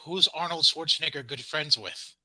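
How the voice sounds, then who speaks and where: Bright, profane podcast co-host man. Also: fairly high pitch, normal speed, dry recording. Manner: profane, teasing, lively storyteller. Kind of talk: casual wrestling podcast chat.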